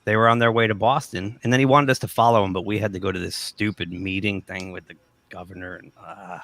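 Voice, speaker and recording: Gravelly, bright-voiced man telling stories. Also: lowish voice, quick pace, dry recording. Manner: animated anecdote teller, quotes people in voices. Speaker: livestream host. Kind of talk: casual chat, storytelling.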